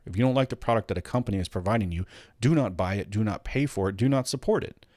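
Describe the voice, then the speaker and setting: A man's voice: on the low side, darkish tone, dry recording, studio quality. A man hosting a casual commentary show, ranting bluntly and swearing, with many restarts. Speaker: host.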